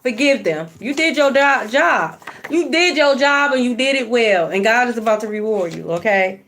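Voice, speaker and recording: A woman's voice: a little high, animated, moderate pace, a bit bright, a little hiss or hum. A woman giving a spiritual card reading, blunt and profane, preaching and repeating phrases for emphasis. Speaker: tarot card reader.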